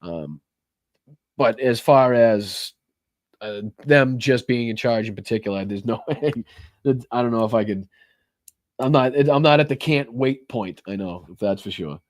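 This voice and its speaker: A man's voice: mid-range voice, measured pace, no echo. Brief: American male streamer, casual and profane, loose rambling delivery, dry close-mic sound. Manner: rambling, profane, with many fillers and restarts. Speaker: livestream host. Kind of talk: casual livestream chat reading viewer donations.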